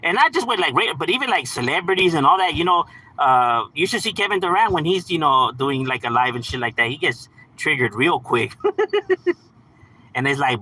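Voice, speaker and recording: A man's voice: on the high side, lively intonation, a little fast, bright, forceful tone, slightly rough, rough recording. A man hosting a livestream, reading out chat messages and answering in a laid-back, slangy, profane way with frequent laughs. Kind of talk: casual live chat.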